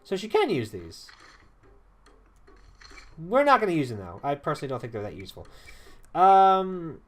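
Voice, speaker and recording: Chatty man giving lively game commentary. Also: on the high side, moderate pace. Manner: chatty, self-correcting, hums and scats to himself. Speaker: let's play host.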